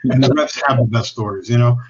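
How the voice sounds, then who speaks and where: A man's voice: medium pitch, fast, dull audio, a little hiss or hum. Candid, profane man telling stories. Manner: candid and profane, often restarting and trailing off. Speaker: podcast guest from a cigar company. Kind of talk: casual anecdotal storytelling.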